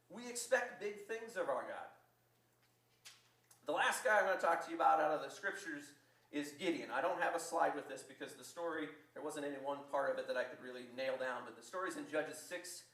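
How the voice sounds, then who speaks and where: A man preaching a sermon as pastor, telling the story in a lively way and acting out the quotes. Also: on the high side, moderate pace. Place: church. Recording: echoey church from far off.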